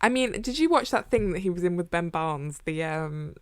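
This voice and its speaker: Woman podcast cohost, lowish voice, dry close mic, animated chatty rants. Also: no room sound. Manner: animated and emphatic, quick restarts and mock outrage. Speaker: podcast co-host. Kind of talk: casual chat.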